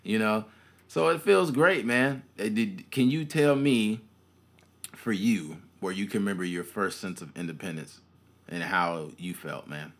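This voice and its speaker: Here a young male podcast co-host speaks with a fairly low pitch and a slightly slow pace. In casual conversation he's an animated storyteller, performing the voices of the people he quotes.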